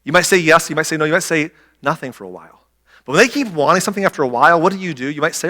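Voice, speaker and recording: A middle-aged man preaching a sermon as a pastor, telling stories and acting out quotes with animated energy. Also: on the high side, quick pace, in a large hall. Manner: animated storytelling, acts out quotes. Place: church sanctuary.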